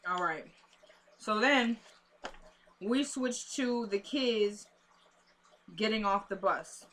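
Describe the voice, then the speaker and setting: A woman casually recapping a TV episode, acting out characters' lines in an animated, chatty way. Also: medium pitch, slow. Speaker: TV recap host.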